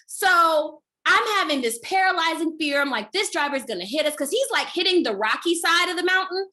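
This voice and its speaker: Woman comic telling a story on a video call, high bright voice, swings all over the place. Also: a little fast. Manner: animated, dramatic comic delivery. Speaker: comedian. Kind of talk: storytelling performance.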